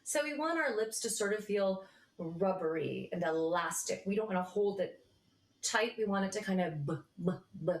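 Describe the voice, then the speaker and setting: A woman teaching a choir vocal warm-up, reassuring singers as she explains each exercise. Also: mid-range voice, moderate pace, reverberant. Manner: relaxed, reassuring coaching with sung demonstrations.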